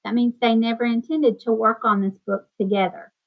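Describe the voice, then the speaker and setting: A woman teacher reading a children's book aloud to her class, in a clear, gentle storytelling manner, then chatting about the book. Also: on the high side, steady tone, moderate pace. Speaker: elementary school teacher. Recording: dull lo-fi sound.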